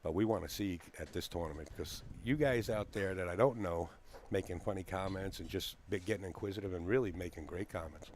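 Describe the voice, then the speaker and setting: A man commentates on a pool match from a booth in a very deep voice. He banters in a folksy, jokey way and laughs easily. Faint noise sits behind him. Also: fairly quick, hardly any pauses, a little mellow.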